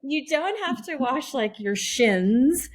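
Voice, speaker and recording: A woman's voice: sits high, lively intonation, slow pace. A woman co-hosting a medical podcast and explaining a study in careful, methodical detail as a melanoma specialist.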